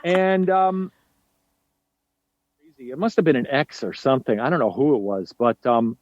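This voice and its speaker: A muffled, dry recording carries the mid-range voice of a forties-something New York man. As a guest in a relaxed conversation, he's an energetic storyteller whose delivery halts with fillers and restarts.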